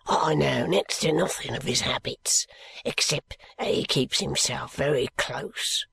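A man voicing a furtive, sly old male shopkeeper who talks in a hoarse whisper. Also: fairly high pitch, takes it slowly, full character voice. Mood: secretive.

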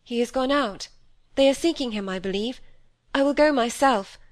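A woman's voice: a little high, moderate pace, dry recording, studio quality, voice pushed up, lightly acted. A woman voicing an earnest young woman in an audiobook, speaking urgently and anxiously.

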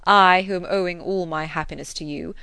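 A woman voicing an earnest, affectionate gentleman who gently reproves the woman he loves, in an audiobook reading. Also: fairly low pitch, steady tone, brisk, gravelly, clear, resonant tone, no echo.

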